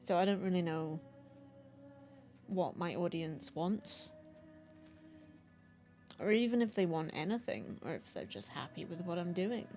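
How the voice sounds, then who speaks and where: A woman's voice: fairly low pitch, lively intonation, unhurried, pauses often, a little mellow, soft background music. Rambling self-deprecating woman streamer. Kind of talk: casual chat to a live stream.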